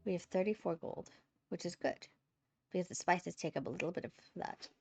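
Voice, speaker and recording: A woman's voice: lowish voice, fairly quick, creaky, faint music behind. A woman hosting a game playthrough, casually thinking aloud as she plays. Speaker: gaming channel host.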